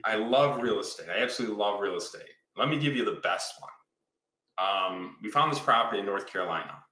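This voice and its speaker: Bright-voiced man explaining real estate. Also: on the low side, lively intonation, a little fast. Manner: enthusiastic, storytelling, explains with repeated "right?". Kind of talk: casual podcast conversation. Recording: roomy echo.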